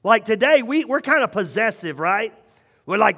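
High-voiced man preaching in a reverberant church. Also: expressive. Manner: swings between hushed, slow moments and rising, emphatic calls. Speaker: pastor. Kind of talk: sermon. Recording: long hall reverb.

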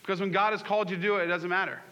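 A man's voice: high-pitched, steady tone, rapid-fire, sharp tone, lo-fi sound. A man preaching a sermon, asking the congregation questions and acting out scripture scenes. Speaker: pastor.

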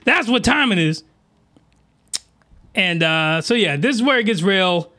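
A man hosting a crude comedy anime recap, reacting loudly and riffing in slang. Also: high voice, unhurried. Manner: excitable, slangy, loud reactions.

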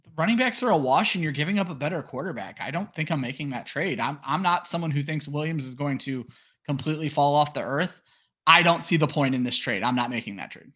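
A man co-hosting a casual sports podcast, reeling off stats quickly and laughing easily between points. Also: fairly high pitch, lively intonation, fairly bright tone. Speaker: podcast co-host. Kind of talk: casual sports chat with a scripted picks segment.

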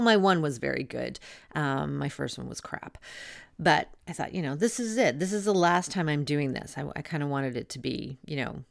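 A woman's voice: sits low, creaky, no room sound, studio quality. A woman in her thirties, a doula hosting a podcast, telling her own birth story in a candid, chatty and blunt way. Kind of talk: casual personal storytelling.

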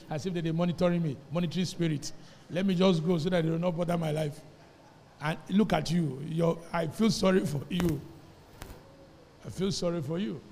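High-voiced preacher in a hall. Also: male voice, fairly quick. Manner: preaching with call-and-response questions, rising to shouts. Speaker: pastor. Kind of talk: sermon. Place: church sanctuary. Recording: church hall reverb.

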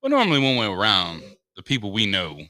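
A man co-hosting a casual podcast, teasing his friend and laughing. His voice is bright and swoops wildly in pitch, and the sound is dry and close. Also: huge pitch swings, fast talker, dry recording. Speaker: podcast co-host. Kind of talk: casual chat.

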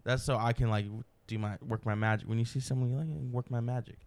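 A man hosting a casual home podcast, telling a story in an animated way and acting out the quoted lines. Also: mid-range voice, fast, a little hiss or hum. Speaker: podcast host. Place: home room.

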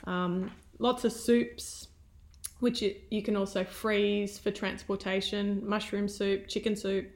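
Woman podcast host, mid pitch, friendly tip-giver, roomy sound. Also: level tone, slow pace. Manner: friendly, listing tips. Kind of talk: casual chat. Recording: echoey room.

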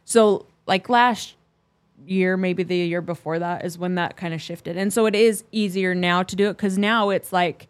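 A woman's voice: lowish voice, steady tone, normal speed. Frank woman recounting home frustrations. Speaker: podcast co-host, wife. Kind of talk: casual chat.

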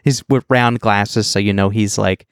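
A man co-hosts a casual podcast, recapping a movie with wry asides and plenty of restarts. His voice sits low and sounds dry and close to the mic. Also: steady tone, unhurried, clean tone, dry recording. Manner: rambling, many fillers and restarts, wry. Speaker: podcast co-host.

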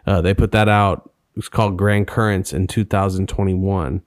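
A man's voice: low-pitched, little pitch movement, moderate pace, no echo, clean studio sound. A man co-hosting a casual podcast, chatting in joking, profane banter. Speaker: podcast co-host. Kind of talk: casual chat.

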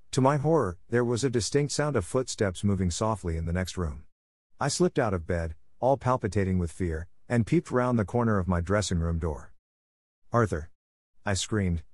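Low-voiced man narrating a story. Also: darkish tone, no room sound. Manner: measured, dramatic storytelling with emphatic quoted outbursts. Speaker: audiobook narrator. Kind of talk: scripted first-person narration.

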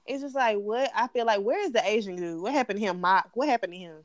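A woman's voice: mid-range voice, fast, no echo, studio quality. Blunt, profane woman ranting. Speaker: podcast co-host. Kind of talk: casual TV recap chat.

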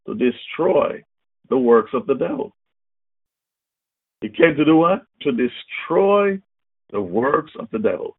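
An older man preaching a fiery sermon, booming and emphatic, calling out questions and answering them himself. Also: animated, slow, pauses often, husky, dry recording. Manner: booming, emphatic, call-and-response. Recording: tinny phone-like sound.

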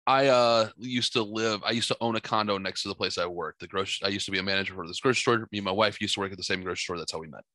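A man co-hosting a casual chat, telling a long story in a rambling, animated way. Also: fairly low pitch, very fast, hardly any pauses, no echo. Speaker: podcast co-host.

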